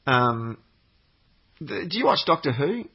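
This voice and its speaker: A man's voice: mid-range voice, big pitch swings, measured pace, husky, muffled recording. A man, chatting as a podcast guest, telling rambling stories and swearing freely. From Australia. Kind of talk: casual chat.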